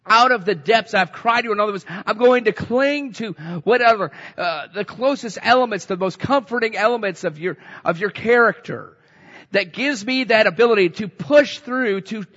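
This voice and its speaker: High-voiced man preaching in a hall. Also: fairly bright tone, muffled recording. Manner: earnest, conversational preaching with frequent restarts. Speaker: pastor. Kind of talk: sermon.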